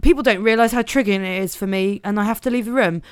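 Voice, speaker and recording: A woman's voice: medium pitch, quick pace, smooth, no room sound. A woman co-hosting a comedy podcast, reading a news story aloud with giggly, sardonic asides into a close mic. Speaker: podcast co-host.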